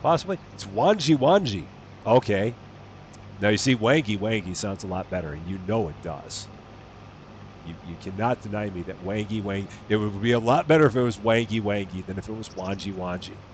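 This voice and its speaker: A man's voice: on the low side, fairly quick, a little hiss or hum. A man casually chatting while streaming a farming game, playful and given to wondering aloud. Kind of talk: casual live gameplay commentary.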